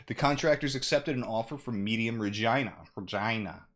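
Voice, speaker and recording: A man's voice: mid-range voice, fairly quick, crowd noise. A man in casual podcast chat, reading strange news stories aloud with profane jokes.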